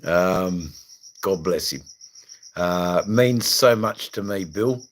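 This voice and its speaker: Middle-aged Aussie livestream host, crude and jokey, drawling slowly over a faint night-insect hum. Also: male voice, low voice, poor audio. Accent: Australian. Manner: rambling, crude and jokey, many fillers. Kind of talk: casual livestream chat reading viewer comments.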